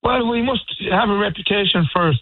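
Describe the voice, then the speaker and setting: A man's voice: high voice, fairly quick, no room sound. A middle-aged Irish man, a band member, chatting by phone in a rambling, storytelling way with hesitant restarts. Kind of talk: phone interview. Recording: tinny phone line.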